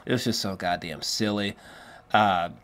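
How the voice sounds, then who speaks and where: A man giving a casual spoken film review, rambling and excitable, with lots of fillers and restarts and free swearing. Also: on the low side, moderate pace. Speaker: movie reviewer.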